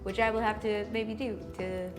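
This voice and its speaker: A young woman hosting a crafting stream chats casually while styling a wig, her medium-pitched voice flat and at a normal speed. She's chatty, full of "likes" and fillers, with music playing in the background.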